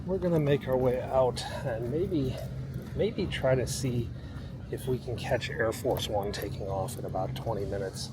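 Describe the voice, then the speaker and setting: A man's voice: mid-range voice, a little slow. A man from the United States chatting straight to his viewers in a casual vlog while out walking and driving. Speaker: vlogger. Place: outdoors on city streets and in a car. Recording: outdoor street and traffic noise.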